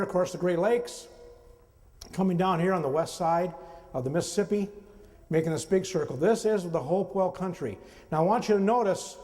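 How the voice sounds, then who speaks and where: With a high-pitched but darkish voice, a man presents a slide lecture in a conversational style, frequently asking the audience questions. His talk rings with the long reverb of a hall.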